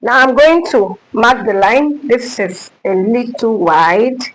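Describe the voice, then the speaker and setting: A woman's voice: fairly high pitch, slow, slight background noise, rough recording. A woman teaching a music lesson, speaking emphatically, repeating herself and quizzing her listeners.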